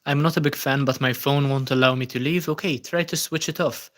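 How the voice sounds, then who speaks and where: Running a relaxed livestream, this host reads out comments from viewers and replies, often saying um. He speaks fairly quickly in a steady, medium-pitched voice.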